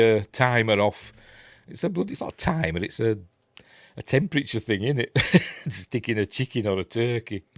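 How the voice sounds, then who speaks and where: A middle-aged Yorkshire man with a fairly low voice, chatting his way through a film with plenty of ums and dry asides. The sound is close and dry, with no room to it. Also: no room sound. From Yorkshire, England. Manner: rambling and chatty, lots of ums, dry wry jokes. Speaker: film review host. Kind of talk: casual film commentary over footage.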